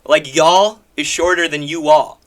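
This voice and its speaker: A man's voice: on the high side, moderate pace, bright, forceful tone. A man from the American Midwest giving emphatic, combative political commentary, hammering his points through repetition.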